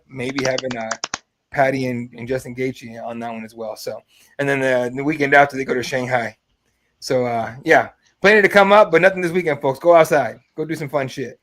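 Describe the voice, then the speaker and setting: Fast-talking excited podcast host. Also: male voice, mid-range voice. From Mexico. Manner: excited, profane storytelling. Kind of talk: casual podcast chat.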